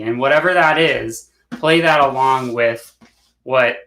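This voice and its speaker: A man teaching an online hand drumming workshop, relaxed and encouraging, and chanting phrases in rhythm. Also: medium pitch, unhurried. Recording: echoey room with drumming.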